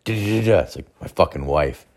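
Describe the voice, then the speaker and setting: Man, low voice, casual rambling storyteller, heavy swearing; brief: crude anecdote teller. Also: animated, brisk, darkish tone. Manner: rambling, swears constantly, acts out quoted voices.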